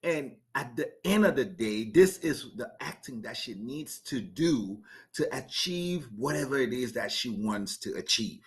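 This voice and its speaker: A podcast host with a medium-pitched, lively voice speaks at a measured pace with hardly any pauses. He offers emphatic, opinionated commentary, poses rhetorical questions to listeners, and often restarts sentences by repeating words.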